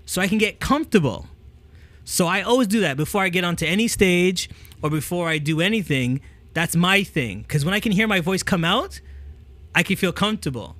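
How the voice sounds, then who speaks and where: A man's voice: sits high, dry recording. A man hosting a talk, giving casual speaking tips into a handheld microphone and often checking in with "okay?". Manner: energetic, repeats "okay?" to check in; demonstrates with the mic, moving it near and away. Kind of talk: casual coaching talk to camera.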